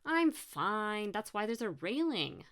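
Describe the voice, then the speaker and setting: A woman's voice: fairly low pitch, moderate pace. Woman doing a whiny, chirpy young student. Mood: breezy. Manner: whiny, excitable.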